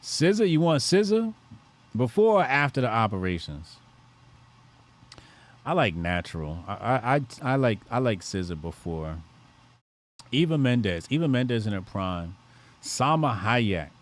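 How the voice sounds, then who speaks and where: A man's voice: mid-range voice, sing-song, a little slow, long pauses. A man hosting a livestream, joking crudely and reacting to his chat. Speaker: livestream host.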